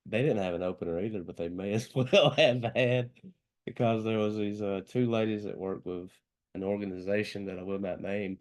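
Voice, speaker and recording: A man's voice: lowish voice, steady tone, fairly quick. A man co-hosting a casual porch chat, telling funny stories and laughing through them. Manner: joking storyteller, laughs through his stories. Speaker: podcast co-host.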